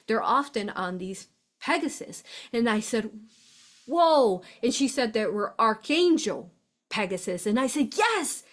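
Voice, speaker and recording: A woman hosts a casual spiritual livestream, talking excitedly and emotionally, often addressing viewers directly and laughing. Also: medium pitch. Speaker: spiritual channel host.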